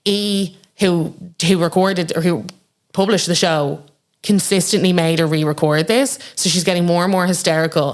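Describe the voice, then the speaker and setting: A woman's voice: lowish voice, moderate pace. A woman hosting a podcast, casually and animatedly recapping a reality show. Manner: animated retelling, acts out quotes. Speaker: podcast host. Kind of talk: casual pop culture chat.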